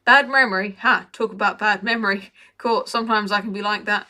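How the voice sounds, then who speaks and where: A woman's voice: mid-range voice, steady tone, brisk, bright, forceful tone, close to an everyday voice. A woman voicing a frightened male cart driver who rambles nervously with jittery laughs. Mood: babbling nervously.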